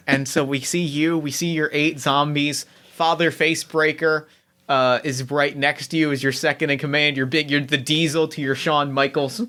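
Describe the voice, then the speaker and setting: A man narrating a tabletop game as game master, animated, often repeating himself mid-sentence. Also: on the high side, moderate pace.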